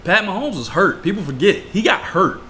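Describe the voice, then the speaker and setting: A man co-hosting a podcast in casual chat, animated and profane, laughing often. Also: sits high, fairly quick, slight background noise. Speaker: podcast co-host.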